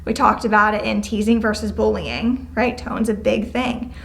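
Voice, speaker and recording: A woman leading a classroom lesson, giving brisk, encouraging step-by-step directions and acting out example phrases. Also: medium pitch, steady tone, gravelly. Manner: acts out example phrases with changing tone. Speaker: prevention educator leading a class. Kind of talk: classroom instruction. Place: school classroom, indoors.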